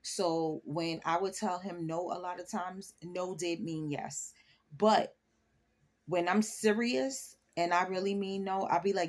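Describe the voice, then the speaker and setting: A woman in her forties with a slightly low, voice, speaking frankly in a casual vlog. She chats straight to her viewers and sounds sure of her opinions. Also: takes it slowly, darkish tone. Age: 40s. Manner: frank, chatty, addresses viewers directly. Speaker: vlogger.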